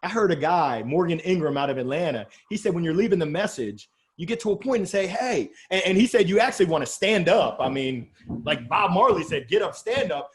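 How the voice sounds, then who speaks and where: A middle-aged man with a Southern drawl from Alabama, talking as a guest in an interview, animated and exuberant, joking about himself. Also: sits high. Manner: animated, exuberant, quick jokes. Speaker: guest sales coach. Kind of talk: energetic interview talk.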